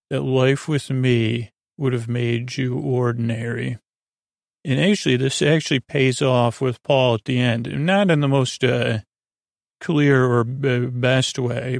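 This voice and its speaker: A man's voice: mid-range voice, vocal fry, no echo, clean studio sound. A man hosting a sleep podcast, retelling an episode in a rambling, mumbled way with lots of fillers. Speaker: podcast host recapping an episode. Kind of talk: drowsy sleep-podcast recap.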